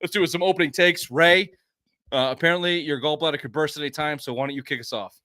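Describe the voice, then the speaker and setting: Teasing podcast host. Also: male voice, fairly high pitch, fast, pushed and bright, no echo, clean studio sound. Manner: teasing, mock-sincere ribbing. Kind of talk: casual sports podcast banter.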